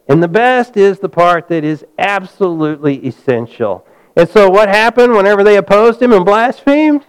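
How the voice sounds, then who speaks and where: A man delivering a sermon with real swing, climbing to near-shouts and sinking to a hush. His voice sits high and sounds clear and resonant. He keeps turning to the congregation for an amen. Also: moderate pace, poor audio. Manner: animated preaching, rising to near-shouts then dropping to a low hush; calls out to the congregation for amens. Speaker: pastor.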